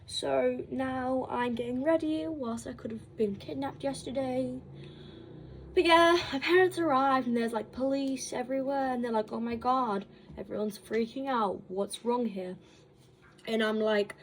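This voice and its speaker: A woman's voice: sits high, a little slow, slight background noise. A woman casually telling a story, rambling with lots of "like" and acting out quoted dialogue. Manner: rambling, filler-heavy with lots of "like"; animated retelling with quoted dialogue. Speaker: storytime vlogger.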